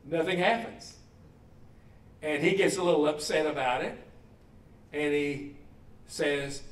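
A high-voiced man preaches slowly and without hurry, chatting with his listeners and asking them questions. His voice rings through a roomy space, and he stands some way off the microphone. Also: lively intonation, far from the mic. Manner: conversational, asks the congregation questions. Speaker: pastor. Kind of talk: sermon.

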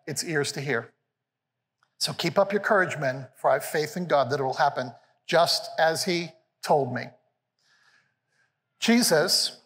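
A man, the senior pastor, preaching a lively sermon to his congregation and acting out the quotes with playful energy. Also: in a large hall. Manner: animated, playful, acts out quotes with rising pitch. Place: large church hall with a live congregation.

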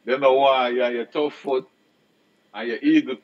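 A man with a Jamaican accent and a mid-range voice, moderating a lively debate by cutting in and pressing his questions. The recording sounds somewhat dull and lo-fi. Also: medium pitch, normal speed, slight background noise.

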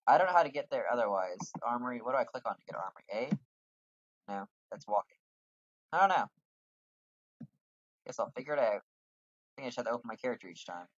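Husky young man chatting through a game. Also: mid-range voice, expressive, brisk, pauses often, highs cut off. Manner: chatty, rambling, reads game lines in put-on voices. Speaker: gamer playing a role-playing game. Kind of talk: casual let's-play commentary, reading quest dialogue aloud.

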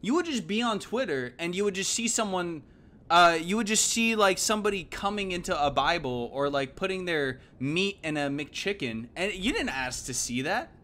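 Young male streamer, higher-leaning voice, loose profane rambling, jumps from mutters to excited yelps. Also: moderate pace. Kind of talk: casual gaming stream chat.

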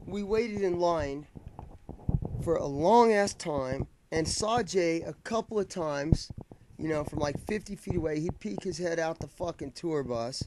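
A man with a slightly high voice tells a story straight to his camera, profane and rambling. He restarts his sentences often and keeps talking in a casual, unscripted flow. A faint hiss sits under the recording. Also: a little mellow. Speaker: vlogger telling a fan story.

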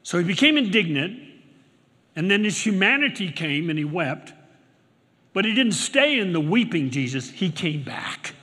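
An older man delivers a sermon from a church pulpit. His voice is bright and sits somewhat high for a man, rising to loud declarations and then dropping to near-murmured asides. Long reverb from the hall trails after each phrase. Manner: preaching with big swings from shouts to hushed murmurs. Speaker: pastor. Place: church sanctuary.

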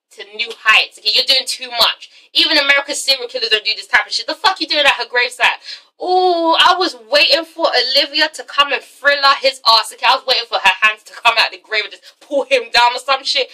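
A woman's voice: high-pitched, a little fast, bright, forceful tone, far from the mic, low-quality recording. A woman doing a casual vlog recap of a TV episode, sassy and swearing freely as she talks straight to her viewers. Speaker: TV episode reviewer.

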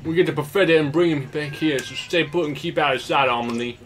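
A man playing through a video game and voicing the hero's lines in a brash, slightly high voice. He slips into joking asides between the dialogue. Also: fast, a bit bright. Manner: reads hero lines brashly, jokes in asides. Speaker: game player. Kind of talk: let's play with dubbed dialogue.

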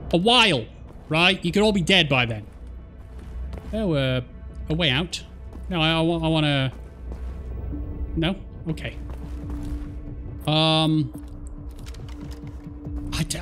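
A man giving jokey, excitable let's play commentary, swearing at the game as he plays. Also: a little high. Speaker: gaming streamer.

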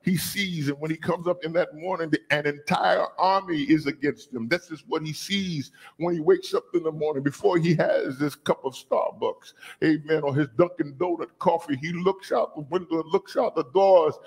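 A man preaching a sermon as bishop, calling on the congregation to repeat after him and rising to shouts. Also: fairly high pitch, normal speed, few pauses, husky. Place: church sanctuary.

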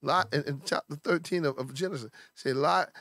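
Pastor guy preaching, black church cadence, higher voice, dry close sound. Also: brisk, fairly bright tone, dry recording. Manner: preaching with repetition and rising emphasis. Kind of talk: sermon.

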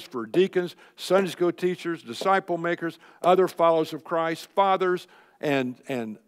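An older man preaching a sermon at a men's luncheon, folksy and emphatic, firing off rhetorical questions. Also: a little high. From Texas. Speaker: Christian speaker at a men's luncheon. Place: luncheon hall. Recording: long hall reverb.

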